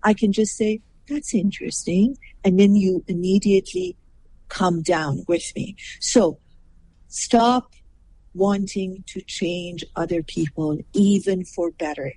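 A woman guest on a podcast giving advice in a measured, emphatic way, acting out short exchanges as she explains. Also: mid-range voice, warm tone, rough recording. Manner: measured and emphatic, acts out little dialogues. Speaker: guest, personal growth teacher.

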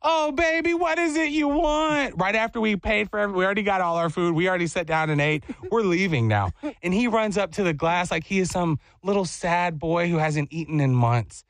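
A man hosting a radio show, telling a comic story in an animated, laughing, self-mocking way. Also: high voice, fairly quick, few pauses, no echo.

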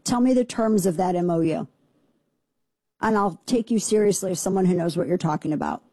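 A woman hosting a talk radio show, delivering indignant, sarcastic commentary with quick asides, and reading the sponsor spots herself. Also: fairly low pitch, dark tone, slightly rough, dry recording.

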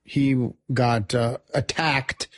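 A man co-hosting a radio talk show, chatty and telling quick stories. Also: medium pitch, little pitch movement. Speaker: co-host. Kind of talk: casual radio chat.

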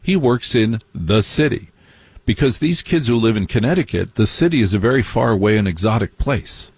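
A man telling a personal story as stand-up comedy, wry and mocking, slipping into quick impressions of other people. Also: on the low side, lively intonation, husky, dry recording.

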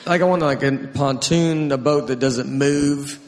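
A man's voice: on the high side, a little slow, roomy sound, long reverb tail. A man doing stand-up comedy, telling rambling, exasperated complaints.

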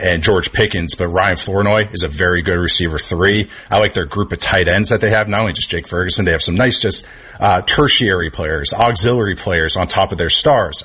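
Husky low-voiced man breaking down football. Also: sharp tone. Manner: enthusiastic, analytical, thinks aloud. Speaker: football analyst guest. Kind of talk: casual sports talk.

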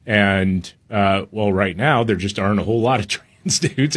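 A man's voice: fairly low pitch, moderate pace, fairly bright tone. A man hosting a talk radio show, giving his opinions in a wry, casual way.

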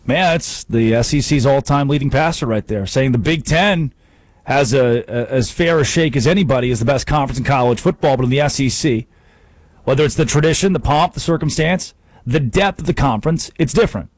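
A man's voice: mid-range voice, fairly quick, dry recording. A man hosting a sports radio show, delivering an emphatic, sarcastic monologue at a studio microphone.

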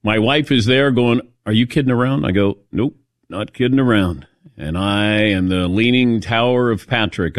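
Guy hosting sports talk, animated storytelling, doing little voices for quotes, dead dry studio. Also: mid-range voice, moderate pace, no echo. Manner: lively self-mocking storytelling with voiced quotes. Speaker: sports talk show host. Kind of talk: casual on-air chat.

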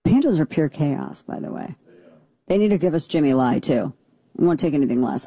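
Talk radio host, woman; low, mellow, slightly husky; sarcastic and combative. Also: sing-song, moderate pace, no echo. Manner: sarcastic, combative, rambling with fillers. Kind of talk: opinionated talk radio monologue.

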